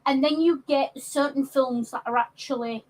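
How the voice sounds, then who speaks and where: A woman's voice: high-pitched, fairly even intonation, normal speed, rough recording. A woman from England co-hosting a podcast, chatting casually about films with lots of ums and restarts. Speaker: podcast co-host. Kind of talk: casual film discussion.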